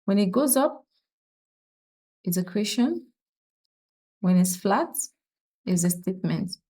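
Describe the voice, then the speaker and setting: A woman teaching French in an online lesson, with a mellow, warm voice at a middle pitch. She explains patiently and repeats each example sentence. When she stops to think, she uses fillers and restarts. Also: expressive, slow pace, husky.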